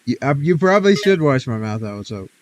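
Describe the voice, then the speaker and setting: A man's voice: mid-range voice, sing-song, quick pace. A man livestreaming games and chatting casually, teasing and talking back with mock defiance. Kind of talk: casual chat while gaming.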